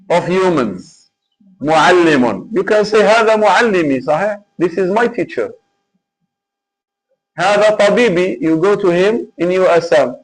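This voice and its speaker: A man's voice: fairly high pitch, poor audio. A man teaching an Arabic class live online, patient and repetitive as he drills examples.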